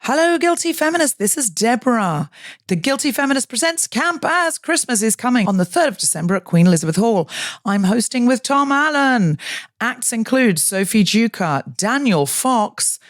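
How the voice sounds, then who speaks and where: A woman podcast host reads an upcoming-show promo at a brisk clip. Her voice sits a little high. The recording is close and dry, with no room around it. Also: sing-song, dry recording. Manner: brisk announcement. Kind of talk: promo read.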